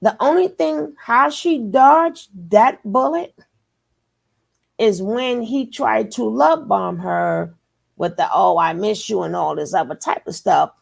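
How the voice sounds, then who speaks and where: Slow, gravelly woman doing reaction commentary. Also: on the high side, expressive. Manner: emphatic, conversational. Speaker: reaction channel host.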